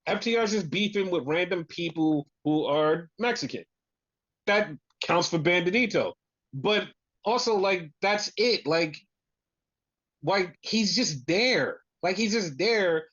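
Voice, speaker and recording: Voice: medium pitch, a bit bright. A podcast co-host ranting in exasperation through a casual wrestling recap, swearing often. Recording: dull lo-fi sound.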